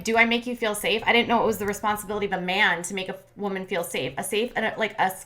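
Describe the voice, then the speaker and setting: A woman talks through a reality TV recap in a loose, conversational way, stacking up fillers and opinions. Her voice is bright and forward, pitched in an ordinary middle range. She sounds sarcastic and opinionated as she hands out her verdicts. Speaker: commentary host. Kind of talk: casual reality TV recap commentary.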